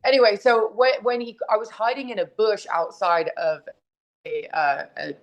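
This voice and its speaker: A woman's voice: medium pitch, expressive, moderate pace, highs cut off. A woman guest, a wrestler and author, talking candidly and emotionally at home, swearing freely and speaking bluntly. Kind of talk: candid interview over a call. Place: at home with her dog nearby.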